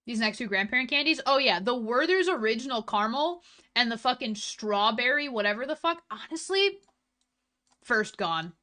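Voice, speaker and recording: A woman's voice: a little high, animated, moderate pace, sharp tone. A young woman streamer chatting casually with her viewers, blunt and full of swearing. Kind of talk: casual chat stream, reading chat.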